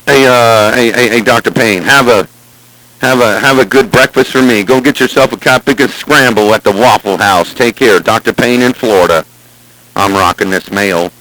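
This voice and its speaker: A man's voice: mid-range voice, normal speed, pushed and bright, rough recording. A man in casual chat over a CB radio, with folksy talk and repeated greetings. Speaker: CB radio operator. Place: Southern California, near the Salton Sea. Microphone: CB radio transmission.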